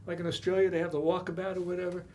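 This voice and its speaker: A man in his seventies reminiscing in casual chat, relaxed and measured, chuckling at times. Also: high-pitched, slight background noise. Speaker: co-host.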